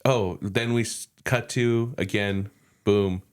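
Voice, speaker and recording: A young adult man co-hosting a comedy podcast, retelling a film's plot with laughs and quick put-on voices. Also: lowish voice, fairly even intonation, clear, resonant tone. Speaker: podcast co-host. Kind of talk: casual comedic movie recap.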